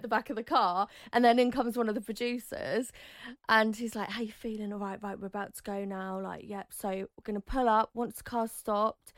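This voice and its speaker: A woman in her thirties, a guest telling her story in an interview, chatty and animated, acting out quotes with sudden high squeals. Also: normal speed, dry recording, studio quality.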